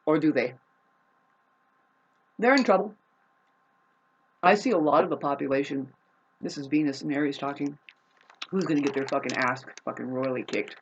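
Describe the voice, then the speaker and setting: A woman ranting to camera in a profane, rambling, confrontational way, swinging between loud outbursts and low muttering. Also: moderate pace, pauses often, slightly rough, highs cut off. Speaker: vlogger. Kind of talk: unscripted rant to camera.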